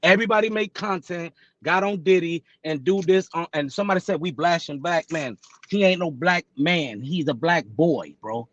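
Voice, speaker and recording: A man's voice: fairly high pitch, lively intonation, moderate pace, fairly bright tone, muffled recording. A man talking bluntly and emphatically as a guest in a casual chat. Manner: blunt, emphatic, repeats "bro".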